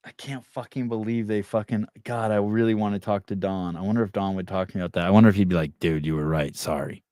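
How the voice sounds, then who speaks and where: A man's voice: fairly low pitch, flat delivery, quick pace, mellow, dry recording, clean studio sound. A man hosting a podcast, ranting in casual talk and swearing constantly. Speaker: podcast host. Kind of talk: profane casual podcast rant.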